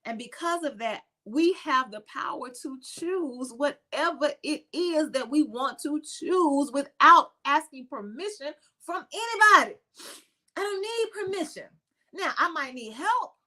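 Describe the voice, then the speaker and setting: A reverend from the United States hosting a spiritual talk show, speaking emphatically in repeated lists and laughing often. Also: female voice, high-pitched, expressive, unhurried, sharp tone. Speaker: reverend and podcast host.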